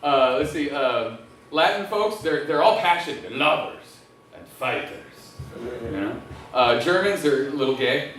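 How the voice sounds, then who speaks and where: Crude, loud male stand-up comic. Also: a little high, lively intonation, unhurried, far from the mic, slight background noise. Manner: crude, loud, laughs at own jokes. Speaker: stand-up comedian. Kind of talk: live stand-up set. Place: restaurant stage. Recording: echoey room heard from afar.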